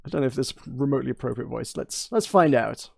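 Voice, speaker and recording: A man's voice: medium pitch, animated, quick pace, creaky. A male streamer reading a game aloud live, rambling to himself and stumbling over his words in a playful way.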